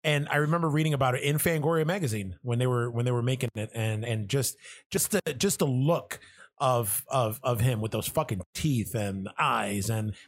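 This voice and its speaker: A man's voice: mid-range voice, normal speed. A man co-hosting a podcast, joking and teasing in casual chat. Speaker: podcast co-host.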